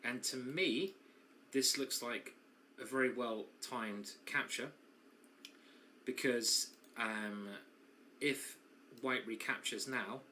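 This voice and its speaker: A man's voice: mid-range voice, takes it slowly, pauses often, pushed and bright, a little hiss or hum. A man commentating live on a chess tournament, chatty and self-mocking, who often breaks into laughter while bantering with his co-host.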